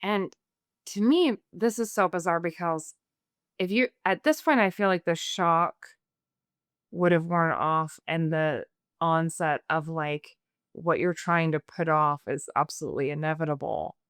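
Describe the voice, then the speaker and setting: A woman talks through a film's story on a review podcast, filling her sentences with "like" and slipping into characters' lines. Her voice sits low for a woman. The recording is dry and close. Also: measured pace, smooth, no room sound. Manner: chatty, heavy use of "like", voices characters' lines. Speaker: film review podcast co-host. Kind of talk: casual chat retelling a film plot.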